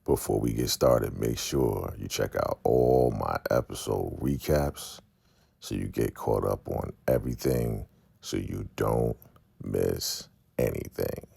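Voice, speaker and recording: A man with an extremely deep voice and a gravelly edge casually recaps a TV episode, calling his viewers family. The sound is dry and close. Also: slow pace, warm tone, no room sound. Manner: chatty, addresses viewers as family. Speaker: recap host.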